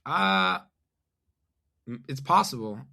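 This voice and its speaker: Bright-voiced man, halting and deadpan. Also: a little high, creaky. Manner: halting, deadpan, self-deprecating. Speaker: podcast guest, musician. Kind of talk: casual conversation.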